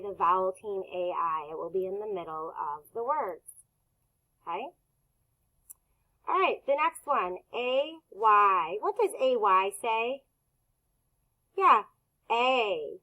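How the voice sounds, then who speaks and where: Woman, phonics teacher, bright clear tone, unhurried, patient sounding-out. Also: mid-range voice, rough recording. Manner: slow, patient, sounding out words. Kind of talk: phonics lesson for children.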